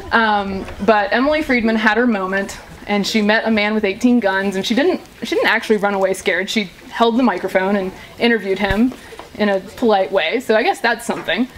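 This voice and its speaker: A woman's voice: mid-range voice, low-quality recording. A woman political commentator giving a humorous, sarcastic live speech and taking questions at a party. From living in Virginia. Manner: chatty, sarcastic, laughing often. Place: indoor party venue. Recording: live room with crowd noise.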